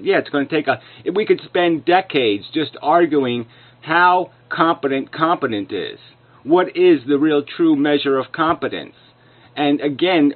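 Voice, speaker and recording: A man tears into an opponent in a furious, cursing rant, his fairly high voice full of insults. The sound is narrow and lo-fi, as if squeezed through a phone line. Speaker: video commentator. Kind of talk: angry rebuttal rant.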